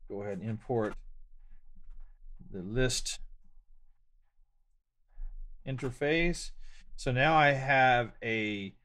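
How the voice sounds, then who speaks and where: A man's voice: mid-range voice, drawn-out words, long pauses, fairly bright tone. A man from Louisiana with a Southern drawl, hosting a casual coding lesson. He talks in an easygoing, chatty way and jokes about himself. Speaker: programming tutorial host. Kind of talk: screen-share coding lesson.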